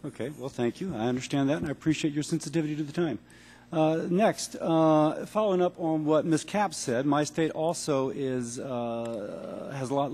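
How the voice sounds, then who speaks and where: A man who is a congressman and physician, questioning a witness at a hearing in a brisk, auctioneer-like way with blunt yes-or-no questions. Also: medium pitch, a little mellow. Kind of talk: rapid-fire hearing questions. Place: large hearing room.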